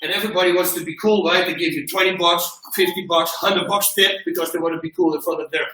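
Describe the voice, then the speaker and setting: A middle-aged man hosting a livestream, telling stories casually and loudly acting out what people said, from a mic across a large gym. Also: high voice, fast talker, heavy background noise. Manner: animated storyteller who acts out quotes loudly. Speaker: host and martial arts coach. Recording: echoey gym, far from mic.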